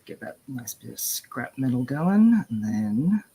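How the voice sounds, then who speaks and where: A man's voice: medium pitch, big pitch swings, measured pace, warm tone, husky. A man with an Australian accent, chatting casually on a livestream while drawing, often trailing off mid-sentence. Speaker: comic artist drawing live on stream.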